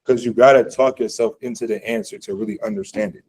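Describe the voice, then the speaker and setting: A man's voice: fairly low pitch, fairly even intonation, quick pace, few pauses, a little mellow, rough recording. A man teaching a college physics class, talking casually with lots of fillers and quizzing students as he goes. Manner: conversational, lots of fillers, asks the class questions. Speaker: physics instructor. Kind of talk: classroom lecture. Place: classroom, also streamed online.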